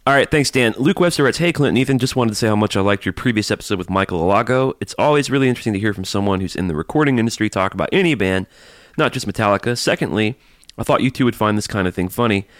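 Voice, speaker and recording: Man, from Alabama, podcast co-host, low voice, dry close sound, easygoing and jokey. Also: expressive, racing, no echo. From Alabama, USA. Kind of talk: casual chat, reading listener emails.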